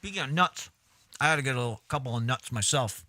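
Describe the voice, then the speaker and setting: A man's voice: mid-range voice, expressive, fast, sharp tone, no room sound. A man hosting a live stream, giving casual, crude, joking commentary with laughing asides.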